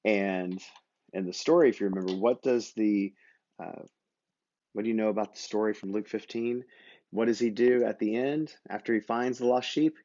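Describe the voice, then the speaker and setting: Low, gravelly man teaching kids. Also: moderate pace, highs cut off. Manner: gentle, playful, talks straight to children; puts on simple voices for toy figures. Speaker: children's church teacher. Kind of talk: kids' Bible lesson with toy puppets.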